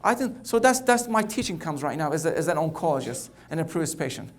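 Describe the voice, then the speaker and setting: A middle-aged man, an oncologist, giving a conference keynote in a conversational, halting way, often repeating words. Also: on the high side, sing-song.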